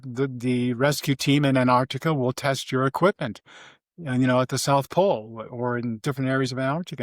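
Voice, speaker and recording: A man's voice: dry recording, clean studio sound. An older man telling stories from his life in a casual interview. He rambles and halts, with many restarts and fillers. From Vermont, USA. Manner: briefly mimics his mother in a high voice. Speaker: interview guest.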